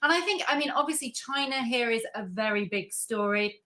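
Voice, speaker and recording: Measured British woman market analyst. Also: on the high side, pushed and bright. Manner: measured, frequent "I think" hedging. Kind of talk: news interview commentary.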